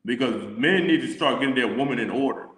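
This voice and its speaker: A man leading a casual religious discussion, reading scripture slowly and deliberately. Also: mid-range voice, a bit bright. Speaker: scripture teacher. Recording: echoey room with long reverb.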